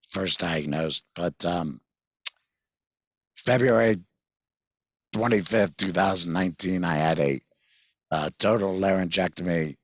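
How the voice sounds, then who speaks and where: A man, a guest in conversation, recounting a personal story in a halting way with many fillers and restarts. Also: low-pitched, no echo. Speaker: guest, patient mentor.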